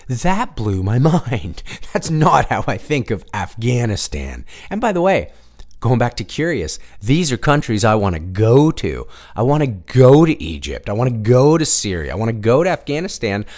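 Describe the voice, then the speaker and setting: A man's voice: medium pitch, big pitch swings, moderate pace, darkish tone. A man casually telling a long story on his own show, rambling, restarting sentences and swearing now and then.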